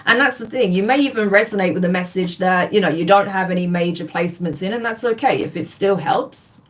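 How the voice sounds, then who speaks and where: Woman, tarot reader, live stream, excited and gushing, talks to the viewer. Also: on the low side, fairly quick.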